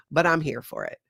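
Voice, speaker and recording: A woman hosting a livestream, chatting with viewers and retelling a story in an animated, conversational way. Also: low voice, creaky, husky, dry recording, studio quality. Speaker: host. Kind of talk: livestream commentary.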